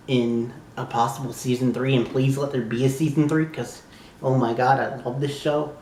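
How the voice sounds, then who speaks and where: A young man from the southern United States talking casually as a YouTube reviewer, gushing and exclaiming like an excited fan who swears freely. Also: mid-range voice, a little hiss or hum. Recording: echoey room.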